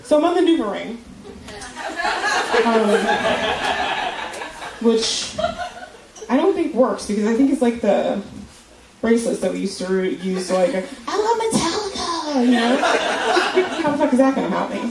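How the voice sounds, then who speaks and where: A woman's voice: a little high, animated, unhurried, vocal fry, long pauses, far from the mic. A woman telling a crude, profane story in a stand-up comedy set, acting out the quotes. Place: comedy club stage. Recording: echoey club recorded from afar, loud noise. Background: audience laughter.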